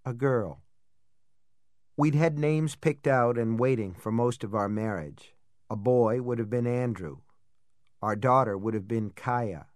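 A man reading a first-person audiobook in a measured, reflective way. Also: medium pitch, darkish tone, no echo, studio quality. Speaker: audiobook narrator.

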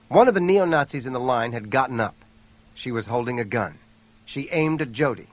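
A man narrates a thriller audiobook at a mid-range pitch. His delivery is steady and even, with a clear storytelling rhythm. It stays measured through the action. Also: no room sound. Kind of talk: scripted narration.

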